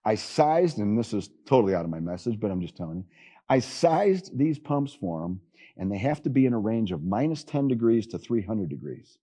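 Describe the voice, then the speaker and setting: A man's voice: medium pitch, warm tone, breathy edge. A middle-aged man, an assistant pastor, preaching a sermon in a folksy, conversational storytelling way with chuckles. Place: church.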